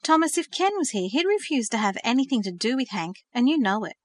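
A woman's voice: a little high, big pitch swings, a little fast, dry recording, studio quality, voice pushed up. A woman reading the part of an earnest, hopeful teenage girl of faith. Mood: indignant. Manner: earnest, eager. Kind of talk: audiobook reading.

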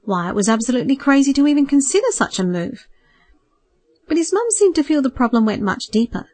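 A woman narrating a novel in a calm, measured storytelling voice, read close to the mic. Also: high voice, no room sound. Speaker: audiobook narrator. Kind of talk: scripted narration.

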